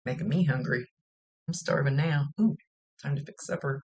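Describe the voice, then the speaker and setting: Gravelly-voiced woman psychic medium. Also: extremely low pitch, moderate pace, darkish tone. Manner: chatty, relays spirit messages plainly. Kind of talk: recorded psychic reading monologue.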